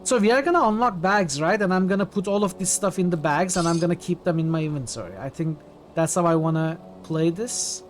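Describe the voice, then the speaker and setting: A man's voice: sits high, lively intonation, brisk, faint music behind. A man streaming a game, thinking aloud in casual commentary with frequent hesitations.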